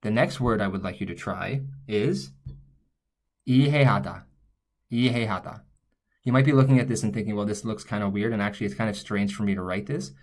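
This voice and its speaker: A man's voice: lowish voice, fairly even intonation, fast, few pauses. A man teaching a lesson, explaining step by step as he writes, often stopping to correct himself. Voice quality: thinking aloud, frequent self-corrections. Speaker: language teacher. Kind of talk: explaining while writing on screen.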